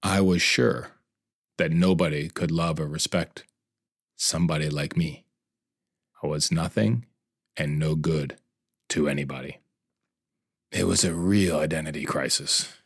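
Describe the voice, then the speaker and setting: A man's voice: a bass voice, unhurried, gravelly, long pauses, slightly rough, dry recording, studio quality. A middle-aged man narrating his own life story in an earnest, confessional way. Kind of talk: emotional personal narration.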